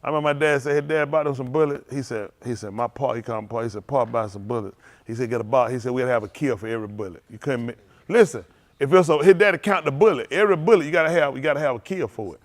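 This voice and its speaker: A man, a preacher telling loose, animated stories to his congregation, laughing often and repeating himself as he goes. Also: medium pitch, quick pace. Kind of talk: loose storytelling sermon.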